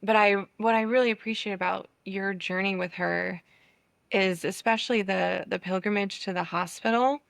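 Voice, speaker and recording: A woman's voice: medium pitch, fairly even intonation, moderate pace, creaky, no echo. A woman hosting a podcast interview, answering her guest in a casual, affirming way. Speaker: podcast host.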